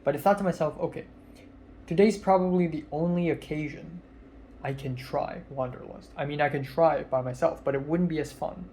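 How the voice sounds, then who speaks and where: A man's voice: a little high, fairly quick, mellow, slight background noise. A nineteen-year-old man, a film student, casually retelling a social outing in a rambling way, full of fillers and quoted dialogue. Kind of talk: casual vlog storytelling.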